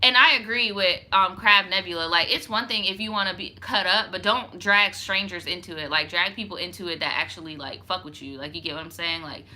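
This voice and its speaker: A woman's voice: on the low side, fairly quick, few pauses, pushed and bright. A young woman reading a viewer's story aloud, breaking off for frank, profane, sassy commentary full of "like". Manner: frank, profane, sassy asides, heavy use of "like". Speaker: storytime channel host.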